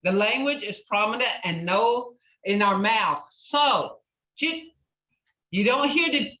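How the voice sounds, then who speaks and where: A woman teaching a language class, patiently repeating words slowly to model pronunciation. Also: on the high side, sharp tone. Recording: roomy, distant, dull lo-fi classroom recording.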